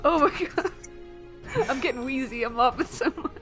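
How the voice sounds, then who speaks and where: A young woman streamer chatting casually while gaming, animated and giggly, swearing freely. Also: high voice, moderate pace, faint music behind.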